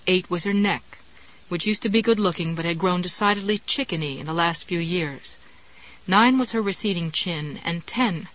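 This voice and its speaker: A woman narrating a novel in a measured, wry storytelling manner. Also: fairly low pitch, a bit bright, poor audio. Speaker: audiobook narrator. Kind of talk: scripted narration.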